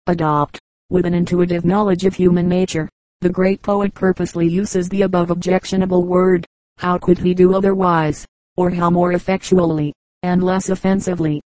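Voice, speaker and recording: A woman reading a humorous essay aloud as an audiobook narrator, with a measured, mock-grand delivery. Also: on the low side, dark tone, no echo, rough recording. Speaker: audiobook reader.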